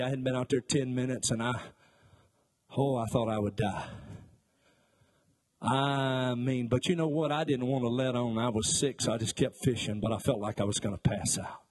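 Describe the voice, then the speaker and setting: A middle-aged male pastor preaches a sermon full of folksy stories, jokes, and asides, doing voices for the characters in them. His voice is medium-pitched, a little mellow, and slightly rough.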